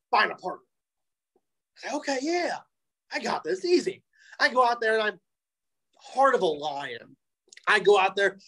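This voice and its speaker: A young man tells a story in a casual interview, full of fillers and restarts. He acts out the voices of the people involved and lets his pitch leap when he does. His delivery stays loose and chatty. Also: rough recording. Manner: animated, acts out quoted voices, frequent fillers. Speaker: interview guest, pro wrestler.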